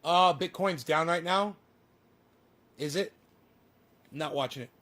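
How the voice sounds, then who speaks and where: A man's voice: on the high side, slow pace, sharp tone. A man ranting profanely and combatively at his livestream chat. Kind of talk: casual livestream rant.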